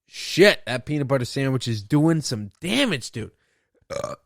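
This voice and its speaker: Young man, solo podcast rant, swearing and rambling, very lively pitch, dry sound. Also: a little slow, vocal fry, no room sound. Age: young adult. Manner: profane, rambling, boastful. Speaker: podcast host.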